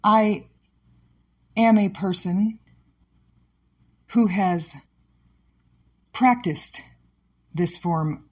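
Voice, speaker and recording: A woman comedian hosting her own podcast gives a candid personal monologue about something painful, her voice on the low side and a little mellow. She's upset and emotional, her thoughts scattered, with flashes of sarcasm.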